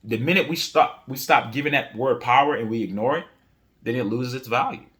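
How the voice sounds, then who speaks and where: A man's voice: medium pitch, brisk, fairly bright tone. A man hosting a commentary channel, giving his opinion in a casual, outspoken way and answering chat comments.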